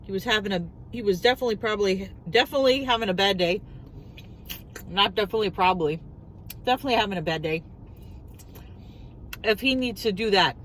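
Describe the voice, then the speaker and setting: A middle-aged woman vlogger tells a story while eating, animated and incredulous, firing off rhetorical questions. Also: medium pitch, fast talker, pauses often, slight background noise, poor audio.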